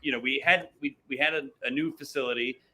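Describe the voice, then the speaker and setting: A man's voice: medium pitch, fairly even intonation, quick pace, bright, forceful tone. A man guest on a beer podcast, telling a long, rambling story in casual chat with self-mocking asides. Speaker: brewery guest.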